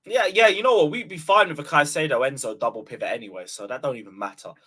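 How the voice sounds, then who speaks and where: A man's voice: a little high, quick pace, bright, forceful tone, breathy edge. A man streaming live, reading super chats in a mocking, tired way. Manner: mocking, tired, says he is exhausted. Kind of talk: casual live-stream chat.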